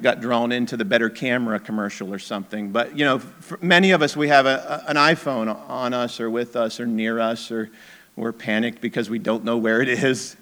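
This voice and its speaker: A man preaching a sermon in a conversational way, with asides and a move into a quiet, intense tone. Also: medium pitch, clean tone. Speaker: pastor.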